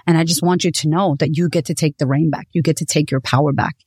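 A woman's voice: deep voice, steady tone, quick pace, a little mellow, husky, dry recording, clean studio sound. A woman hosting a podcast, telling a personal story in a raw, profane, confessional way. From United States. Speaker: podcast host.

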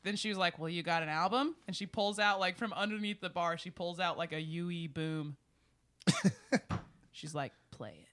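A woman, telling a road story in casual podcast chat, animated and laughing as she acts out the people in it. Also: fairly low pitch, moderate pace. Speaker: podcast guest, musician.

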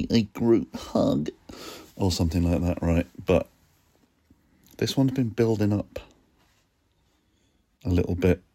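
A man hosting a podcast, chatting in a relaxed, reflective, sleepy way while lying on his bed, recorded on a phone. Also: low-pitched. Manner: sleepy, yawning, self-mocking. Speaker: podcast host. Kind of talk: relaxed reflective solo chat. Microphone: phone voice notes app.

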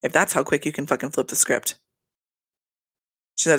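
A gravelly-voiced man dishes on a reality TV episode in a loose, gossipy recap, cursing freely and laughing along. He slips into exaggerated voices for the cast's lines. The sound is dry and close, with no room around it. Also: on the high side, fairly even intonation, moderate pace, fairly bright tone, no room sound. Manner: gossipy, heavily profane, laughs often.

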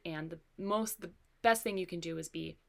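Low-ish woman with vocal fry, thoughtful mom chatting, soft asides. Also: normal speed. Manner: reflective, trails off into soft asides. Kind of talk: casual parenting chat.

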